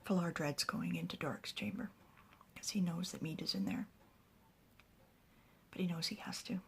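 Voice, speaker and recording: A woman telling a story in a soft, hushed whispered narration. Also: fairly low pitch, steady tone, moderate pace, vocal fry.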